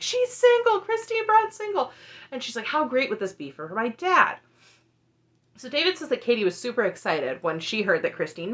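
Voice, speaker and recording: Animated woman recapping a reality show. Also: on the low side. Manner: animated, laughs often, acts out quotes. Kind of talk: casual commentary recap.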